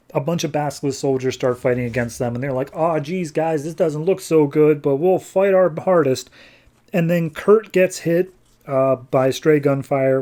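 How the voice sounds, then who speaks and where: Hosting a casual comic book review podcast, a man recaps the story loosely and chattily, with plenty of fillers. He speaks at medium pitch with a darkish tone.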